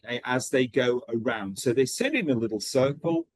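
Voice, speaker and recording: A man's voice: mid-range voice, moderate pace, dry recording. A man leading an online teacher-training lesson, checking in often with "okay" as he explains. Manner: lively, checks in with frequent "okay".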